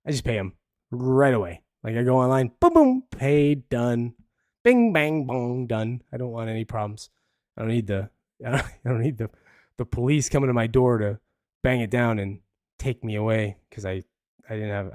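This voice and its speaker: A man's voice: fairly low pitch, no room sound, studio quality. A man hosting a live podcast, commenting in a casual, rambling, profane way with frequent laughs. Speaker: podcast host.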